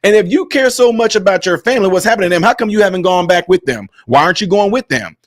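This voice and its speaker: A man's voice: high-pitched, animated, fast talker, dry recording, clean studio sound. A man hosting a political commentary vlog, scolding and mocking with a stream of rhetorical questions. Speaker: host of a commentary channel.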